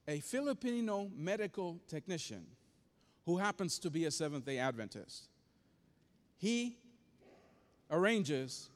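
A man preaching a sermon, telling a story with emphatic, dramatic delivery and re-enacted quotes. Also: a little high. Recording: long hall reverb.

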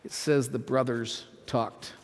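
A man's voice: mid-range voice, fairly even intonation, slow. A male pastor preaching a sermon, emphatic, repeating phrases and putting questions to his listeners. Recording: long hall reverb.

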